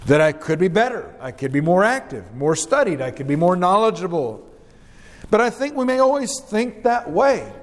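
High-voiced man preaching in a hall. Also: very animated. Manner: earnest, measured, reads scripture aloud. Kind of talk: sermon.

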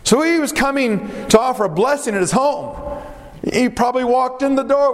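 A man's voice: very high voice, lively intonation, normal speed. A male preacher delivering a sermon, stretching out phrases for emphasis and asking his listeners rhetorical questions. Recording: long reverb of a hall.

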